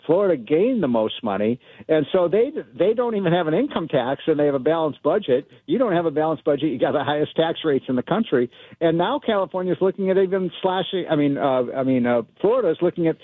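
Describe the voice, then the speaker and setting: Brief: male phone-in guest, lively pitch, narrow tinny phone sound. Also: fast, no room sound. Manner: animated, rambling, many fillers and restarts. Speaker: radio show guest. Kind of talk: phone-in interview. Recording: tinny phone line, dry.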